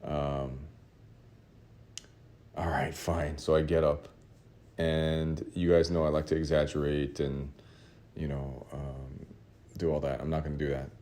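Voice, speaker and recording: A man casually telling a rambling, self-mocking story, with laughs and shouted re-enactments. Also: extremely low pitch, flat delivery, unhurried, long pauses. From Los Angeles area. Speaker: artist telling a story to his audience.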